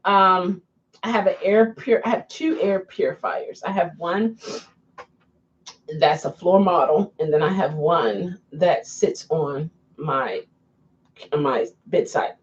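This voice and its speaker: In a lowish voice captured with dull audio, a woman vlogger talks casually with her viewers at a slow, drawn-out pace. She laughs often, dissolving into frequent giggling fits.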